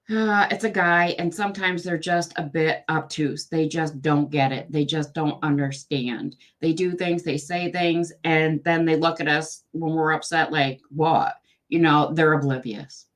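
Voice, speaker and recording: Low-voiced frank woman giving readings. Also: fairly bright tone. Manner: frank, affectionate, direct advice; chatty, asides to viewers. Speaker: tarot reader. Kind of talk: live-stream psychic reading.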